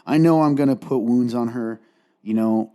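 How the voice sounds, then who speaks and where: A man's voice: mid-range voice, normal speed, dark tone. A man co-hosting a candid faith-based conversation, earnest and rambling, close to tears as he speaks. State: tearful, close to crying. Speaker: podcast co-host.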